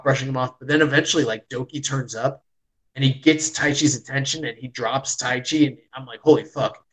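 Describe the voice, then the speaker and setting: A man talks in a loose, casual chat, telling a long story with rising excitement. He strings thoughts together with "like" and "um" and drops swear words. His voice sits at an ordinary pitch for a man. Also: low-quality recording. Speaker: podcast host reviewing wrestling.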